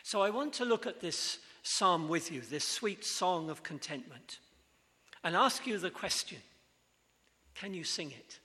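A man preaching a sermon, earnest and measured, asking the congregation questions. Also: high voice, lively intonation, bright, forceful tone. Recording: long hall reverb.

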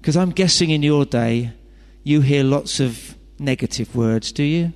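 A man's voice: fairly high pitch, unhurried, a little mellow. A man preaching a sermon, chatty and full of rhetorical questions and joking asides. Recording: long hall reverb.

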